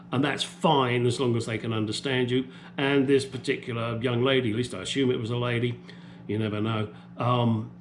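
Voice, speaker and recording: A man's voice: medium pitch, a little hiss or hum. A man from the UK delivering an angry, profane opinion rant as a vlogger.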